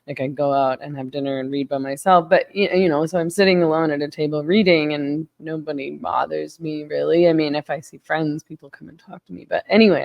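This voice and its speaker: A woman's voice: low voice, creaky, dry recording, highs cut off. A woman in her forties hosting an interview, telling a story casually with lots of fillers and laughs. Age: 40s. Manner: chatty, many fillers, animated laughs. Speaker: podcast host.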